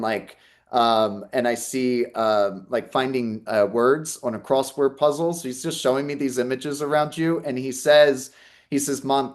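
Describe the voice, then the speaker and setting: A man's voice: mid-range voice, darkish tone. A man working as a psychic medium in an online talk, earnestly relaying messages and reassuring the listener over a video call. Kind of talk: live online talk and reading.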